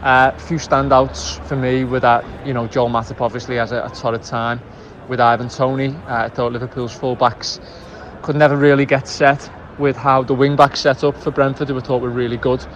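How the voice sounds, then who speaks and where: Guest: mid-pitched man, measured and analytical, dull lo-fi sound, faint noise. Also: level tone, fairly bright tone. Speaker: guest from opposing fan podcast. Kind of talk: casual analytic chat.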